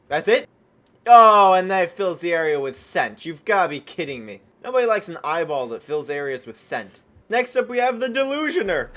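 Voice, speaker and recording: A man giving excited gameplay commentary as a gaming YouTuber, excitable and often yelping in surprise. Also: sits high, moderate pace.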